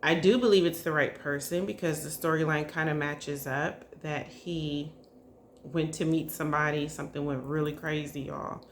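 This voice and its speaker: Speaking in a deep voice with fairly even intonation and normal speed, a woman does a relaxed psychic reading to camera for her viewers. She hedges and uses lots of fillers, frequently asking "okay?" and saying "y'all." Slight background noise is audible.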